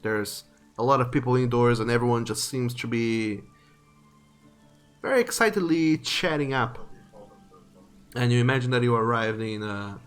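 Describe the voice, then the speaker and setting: A man narrating a tabletop game as game master, describing the scene in a relaxed way with frequent fillers. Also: medium pitch, moderate pace, pauses often, smooth, soft background music.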